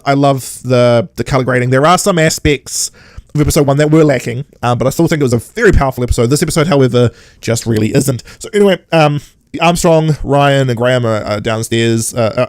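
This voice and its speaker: A man hosting a podcast in casual chat, animated and sarcastic, often mimicking characters. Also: mid-range voice, quick pace, no room sound, studio quality. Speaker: podcast host.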